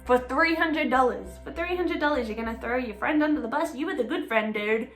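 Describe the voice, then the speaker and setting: A woman's voice: high voice, a little fast, roomy sound, soft background music. A young woman telling a true crime story in a chatty, emotional way, swearing freely and saying "like" often. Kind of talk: casual storytelling.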